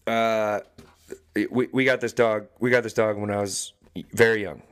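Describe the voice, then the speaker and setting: A man's voice: fairly low pitch, normal speed, smooth. A young adult man co-hosting a podcast, telling a story casually and acting out the people in it. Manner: animated storyteller, acts out quoted voices. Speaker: podcast co-host.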